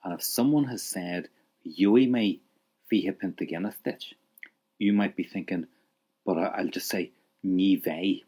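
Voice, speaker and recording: A man's voice: low-pitched, unhurried, long pauses, mellow, husky. A man leading a spoken language lesson, patiently prompting the listener to repeat phrases and praising each answer. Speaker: language teacher.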